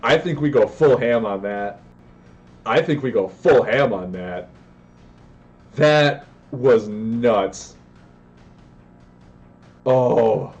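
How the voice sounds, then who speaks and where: A man commentating his own card game live, excitable and prone to yelling and tangents. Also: medium pitch, drawn-out words, long pauses, muffled recording, soft background music. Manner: excitable, yells in bursts, goes on tangents.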